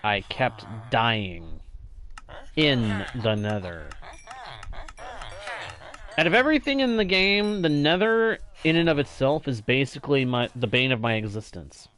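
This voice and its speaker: A man's voice: medium pitch, measured pace, long pauses, fairly bright tone. A man with a slightly nasal voice, chatting casually with viewers while live-streaming a game, thanking them often and laughing easily.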